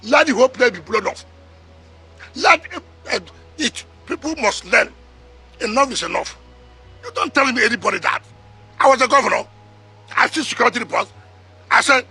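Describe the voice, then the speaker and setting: Combative Nigerian man, high and sharp. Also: lively intonation, gravelly, slightly rough, soft background music. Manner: combative, rapid rhetorical questions, repeats words. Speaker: politician interviewee. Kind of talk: heated interview answers.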